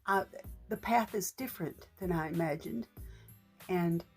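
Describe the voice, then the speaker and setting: A middle-aged woman, talking earnestly to her vlog audience in a gentle, shaky, emotional voice. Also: fairly low pitch, a little slow, soft background music. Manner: gentle and earnest, with faith talk and small restarts. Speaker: vlogger. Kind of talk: heartfelt personal vlog talk.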